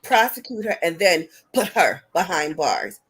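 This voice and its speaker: Woman, husky voice, blunt, firm opinions, casual panel chat. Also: fairly low pitch, big pitch swings, unhurried, fairly bright tone. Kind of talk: casual online panel talk.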